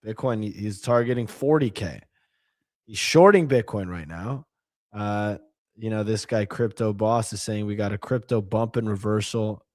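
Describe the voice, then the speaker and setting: A man's voice: lowish voice, no room sound, studio quality. A man co-hosting a podcast, talking casually and animatedly, with lots of fillers. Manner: animated, filler-heavy, reads tweets aloud. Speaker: podcast co-host. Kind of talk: casual chat.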